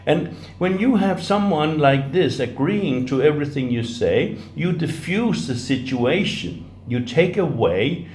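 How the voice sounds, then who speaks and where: A man's voice: a little high, big pitch swings, a little slow, few pauses, darkish tone. A middle-aged man giving life-coaching advice in a rambling, casual way, restarting his sentences and adding "right?" to them. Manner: rambling, with frequent restarts and tag questions. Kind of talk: casual spoken advice talk. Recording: roomy echo.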